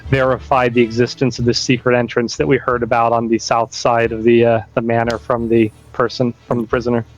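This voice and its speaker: A man's voice: mid-range voice, level tone, brisk, lo-fi sound. A man talking as a player at a tabletop game, easygoing, thinking aloud. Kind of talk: casual tabletop play.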